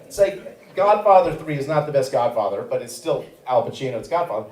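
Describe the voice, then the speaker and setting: A man's voice: mid-range voice, lively intonation, a little fast, few pauses, darkish tone. A man in his fifties doing a stand-up comedy set on a theater stage, rambling along with many fillers and restarts. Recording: echoey room, picked up from a distance.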